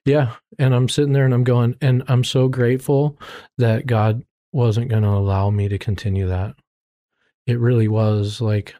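In a mellow, mid-range voice with fairly even intonation and a moderate pace, a middle-aged man shares his testimony in an interview. He recounts his life story earnestly and with plain faith, rambling, starting over and quoting himself along the way.

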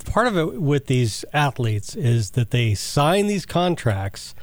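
A man's voice: on the high side, sing-song, slow, dry recording. A man co-hosting a talk show, mostly chiming in briefly and agreeing. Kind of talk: casual chat.

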